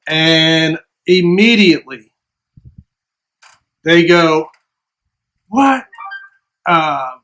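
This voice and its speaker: A man's voice: high voice, pushed and bright. A man vlogging in a casual monologue, telling a story and acting out what others said. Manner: storytelling, acts out quoted voices.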